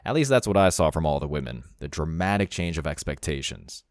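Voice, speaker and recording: A man's voice: very deep voice, big pitch swings, fairly quick, a little mellow, no echo, clean studio sound. A man hosting a commentary channel, reading scripted narration in a blunt, mocking way.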